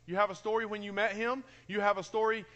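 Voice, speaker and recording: A high-voiced man preaches to his church congregation. He talks with excitement and emotion, saying key phrases twice over for emphasis. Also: fast talker, dull audio. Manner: enthusiastic, emotional, repeats phrases. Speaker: pastor. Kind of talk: sermon. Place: church sanctuary.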